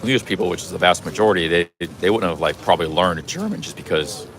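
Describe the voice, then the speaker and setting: A man's voice: low voice, quick pace, a bit bright, slight background noise. A man live-streaming a travel vlog from a busy city street outdoors, chatting in a rambling way with many restarts. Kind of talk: casual walking live stream.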